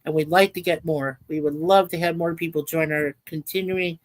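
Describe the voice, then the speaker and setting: A woman's voice: deep voice, steady tone, normal speed. Earnest woman hosting a livestream. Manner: earnest, heartfelt, reads out viewer comments. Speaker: livestream host. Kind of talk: casual livestream chat.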